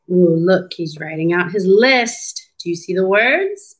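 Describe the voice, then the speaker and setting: A woman speech clinician reading a picture book aloud to young children, asking them questions and coaching syllable clapping in a slow, teacherly way. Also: lowish voice, animated, low-quality recording. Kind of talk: children's storybook read-aloud.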